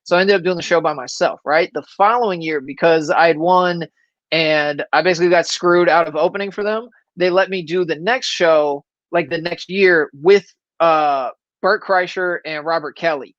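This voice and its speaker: A man's voice: on the high side, normal speed, a bit bright, no echo, dull audio. A male stand-up comedian from Florida telling anecdotes in casual chat, acting out quoted lines along the way.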